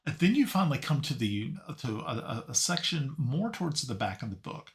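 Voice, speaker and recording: A man narrating a tabletop game as game master, halting and searching for his words. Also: mid-range voice, big pitch swings.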